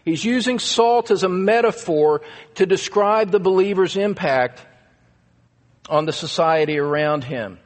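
A man's voice: high voice, a little slow, big-room sound. A man preaching a sermon as pastor, earnest and emphatic, stressing key words again and again.

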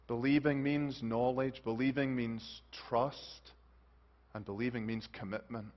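Preacher swinging from urgent to hushed. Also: male voice, mid-range voice. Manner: dramatic swings from loud urgent rises to hushed soft pleas. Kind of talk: sermon. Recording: dull lo-fi recording.

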